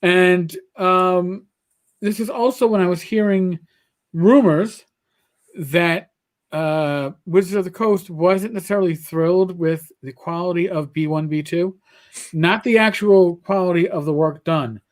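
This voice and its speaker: Host, male, New York accent, fairly high pitch, loose rambling delivery. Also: a little slow. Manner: rambling, repeats words while talking. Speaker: podcast host. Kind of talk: casual livestream chat.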